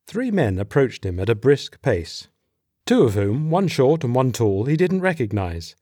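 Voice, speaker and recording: A man narrating an audiobook in a steady, measured voice. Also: mid-range voice, slightly rough, no echo, studio quality.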